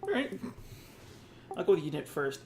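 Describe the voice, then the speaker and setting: A man's voice: on the high side, huge pitch swings, moderate pace, background noise. A man running a tabletop game as game master, describing scenes with asides and restarts.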